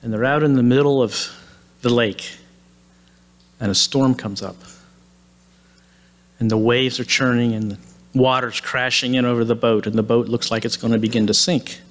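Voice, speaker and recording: A male preacher telling a Bible story during a sermon. He keeps it lively and casual, with relaxed asides to the listeners, at a mid pitch for a man. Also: moderate pace, pauses often.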